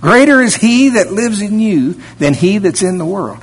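Male preacher, a bit high-pitched, husky, folksy sermon delivery. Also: animated, normal speed. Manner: folksy, jumps to a high whiny voice when mimicking complaints. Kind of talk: sermon with prayer.

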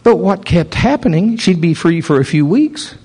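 Animated preacher man telling stories. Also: high-pitched, moderate pace, slightly rough. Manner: animated, acts out quoted voices. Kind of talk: sermon storytelling.

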